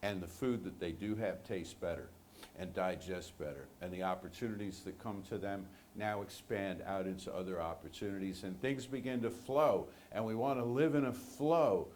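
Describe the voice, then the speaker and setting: A man's voice: low-pitched, moderate pace, a little mellow, slight background noise. A man preaching a sermon to a congregation, speaking conversationally and with animation, joking with his listeners. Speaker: minister. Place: church sanctuary.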